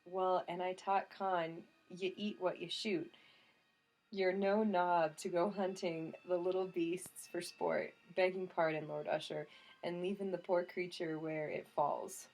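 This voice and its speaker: A gruff, blunt old soldier, voiced by a woman reader, who chides and grumbles in a broad, thick brogue. His voice sits fairly low and keeps a scolding, no-nonsense edge. The sound is a clean audiobook narration. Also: fairly even intonation, moderate pace, a little mellow. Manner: thick regional brogue, laid on heavily.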